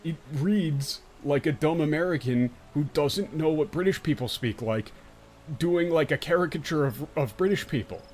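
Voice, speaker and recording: A man's voice: a little high, normal speed, a little mellow, faint music behind. A man streaming a game, explaining and ranting emphatically with frequent swearing. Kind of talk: let's play commentary.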